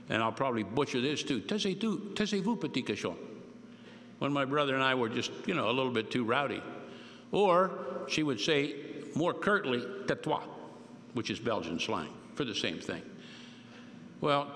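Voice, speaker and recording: A man's voice: a little high, sharp tone. Older male preacher in a reverberant hall. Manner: folksy, joking, slow emphatic stresses. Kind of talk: sermon.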